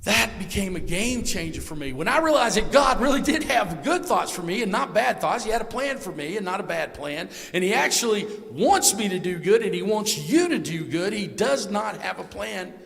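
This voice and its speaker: A man preaching a live sermon in a folksy way, talking straight to the congregation and swinging from hushed to loud. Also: sits high, big pitch swings, moderate pace, vocal fry, hardly any pauses. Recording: long hall reverb.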